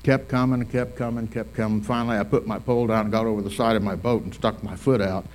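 A man's voice: lowish voice, fairly even intonation, quick pace, a little mellow, slight background noise. A male pastor giving a funeral eulogy in a full service hall, telling folksy stories and repeating phrases for emphasis.

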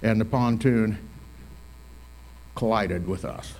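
A man's voice: on the low side, slow, darkish tone, a little hiss or hum. A male pastor giving a funeral eulogy in a full service hall, telling folksy stories and repeating phrases for emphasis.

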